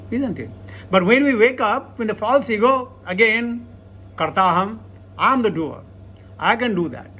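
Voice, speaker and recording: A man teaches from scripture in a high, light voice. He talks conversationally and keeps asking his listeners questions to draw them in. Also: a bit bright, a little hiss or hum. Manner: conversational, asks the audience rhetorical questions. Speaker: spiritual teacher. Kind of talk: scripture lecture.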